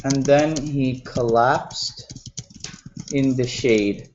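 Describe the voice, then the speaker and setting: A man's voice: medium pitch, steady tone, drawn-out words, darkish tone, slight background noise. A man teaching a Quran explanation class in a conversational way, putting questions to his students. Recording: roomy, dull lo-fi classroom recording.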